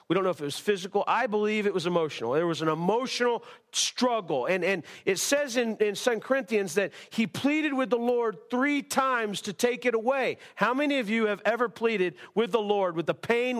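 A man preaches to his congregation in a slightly high voice. He is impassioned, repeating himself and circling back as he builds each point. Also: animated, fairly quick, hardly any pauses, fairly bright tone. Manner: impassioned preaching with repetitions and restarts. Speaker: pastor. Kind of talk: sermon. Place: church service.

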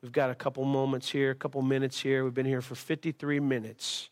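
A man's voice: mid-range voice, little pitch movement, fairly quick. A male pastor preaching a sermon at a church service, impassioned, repeating words and restarting phrases.

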